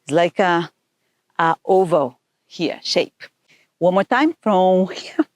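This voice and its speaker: Woman counting out dance steps slowly. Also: lowish voice, expressive, no echo. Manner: counts beats aloud, patient and instructive. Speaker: dance instructor. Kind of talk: step-by-step dance tutorial with counting.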